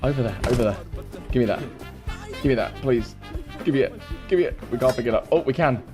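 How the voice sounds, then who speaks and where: A man streaming a fighting game, reacting loudly, repeating himself and laughing often. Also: medium pitch, a little fast, over music. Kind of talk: excited gameplay commentary.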